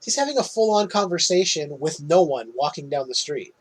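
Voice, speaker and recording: A man hosting a podcast, casually recapping a film's plot in an animated way and laughing often. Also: high voice, breathy edge, poor audio. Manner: animated retelling, quick laughs. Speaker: podcast host.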